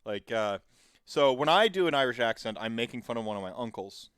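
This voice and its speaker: A man's voice: mid-range voice, animated, brisk, fairly bright tone, smooth, no room sound, studio quality. A man hosting a podcast in casual chat, rambling and digressive as he tells stories. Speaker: podcast host.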